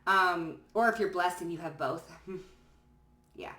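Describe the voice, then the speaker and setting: A tarot reader gives a loose, chatty pick-a-card reading, swearing casually and checking in with "okay?" and "you know what I'm saying?" Her fairly low voice runs a little slow, sounding pushed and bright. She's a bit off the mic in a roomy, echoing space.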